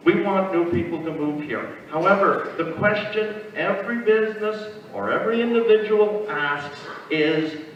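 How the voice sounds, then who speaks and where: Older guy running for council, halting and earnest, far off in an echoey hall, kinda dull sound. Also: high voice, a little hiss or hum. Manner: halting, repeats words, then earnest. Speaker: municipal candidate. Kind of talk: candidate's speech at a public meeting.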